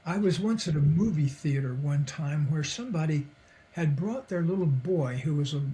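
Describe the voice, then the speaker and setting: An older man talks in an easy, reflective way, a guest on a podcast telling stories from his life and work. His voice sits a little high for a man, and he chuckles often and slips into the voices of the people he quotes. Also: dark tone. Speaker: podcast guest, psychologist and author. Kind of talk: relaxed conversational storytelling.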